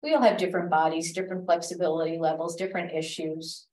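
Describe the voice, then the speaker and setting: A woman leads a stretch class, talking people through each move with calm, step-by-step cues and gentle reminders not to force anything. Her voice sits fairly low. The sound is roomy and echoey, and she is heard from some distance away from the mic. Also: fast talker. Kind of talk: guiding an exercise class. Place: library class room.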